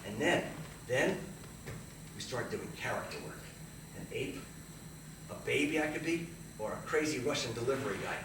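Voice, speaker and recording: A man telling his story in a one-man theater monologue, animated and self-mocking. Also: mid-range voice, moderate pace, pauses often, noisy background. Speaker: solo stage performer. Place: theater stage. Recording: live stage, distant roomy hall.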